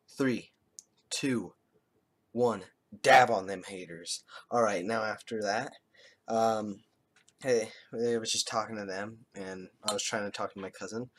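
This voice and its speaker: A man telling a rambling, joking story to camera, crude and full of swearing. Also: fairly low pitch. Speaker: vlogger.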